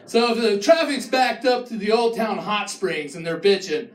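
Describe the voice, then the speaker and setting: A man doing a stand-up comedy set, ranting and mocking, breaking into shouted impressions. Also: high-pitched, lively intonation, normal speed, reverberant, far from the mic, slight background noise. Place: live comedy venue with an audience.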